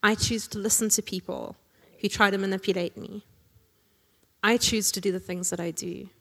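A woman's voice: mid-range voice, fairly even intonation, normal speed, vocal fry, bright, forceful tone. Woman preaching in a reverberant hall. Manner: conversational, tag questions, jokey asides with laughs. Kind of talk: sermon.

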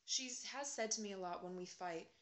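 A woman's voice: mid-range voice, brisk, a bit bright. A woman from the United States in casual chat, talking reflectively with many fillers and restarts. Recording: roomy echo.

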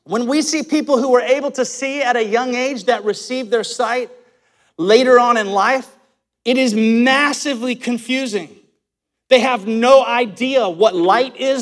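High-voiced passionate male pastor. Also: a bit bright. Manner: passionate, emphatic preaching with audience call-and-response. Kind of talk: live church sermon. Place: church.

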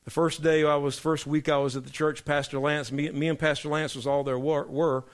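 A middle-aged male pastor preaching a sermon to his congregation, emphatic and preacherly, dropping low for punchlines. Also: flat delivery, a little fast. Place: church sanctuary.

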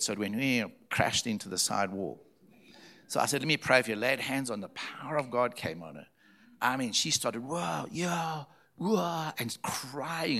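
Male pastor, from Zimbabwe, storytelling sermon, emphatic with repeated phrases, mid-pitched voice. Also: fairly bright tone.

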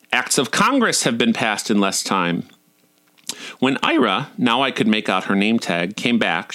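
A man in his forties reads his personal essays aloud in a wry, dryly comic way. His pitch is lively and rises and falls freely. The voice is bright and forceful. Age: 40s. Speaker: storyteller.

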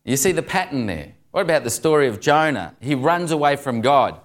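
A man's voice: mid-range voice, sing-song, brisk. A man preaching a sermon, telling jokes and stories and chuckling at the punchlines. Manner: jokey storyteller, chuckles through punchlines.

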